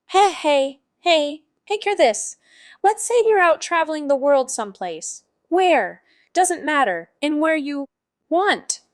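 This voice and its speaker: A woman's voice: sits high, no room sound, studio quality. A woman voicing a brash, foul-mouthed male jester wizard who narrates in a sardonic, rambling way.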